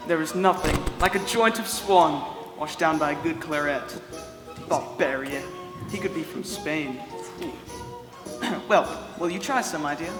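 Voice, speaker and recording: An actor playing a vain, pompous prince with a cruel streak, haughty and given to giggles, in a live stage play. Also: male voice, fairly high pitch, unhurried, long pauses, close to an everyday voice. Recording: echoey hall, music behind.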